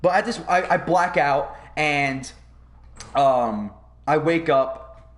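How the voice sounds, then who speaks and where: A young man hosting a podcast, telling a long story in a rambling, profane, animated way. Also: a little high, slow pace. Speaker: podcast host. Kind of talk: casual storytelling.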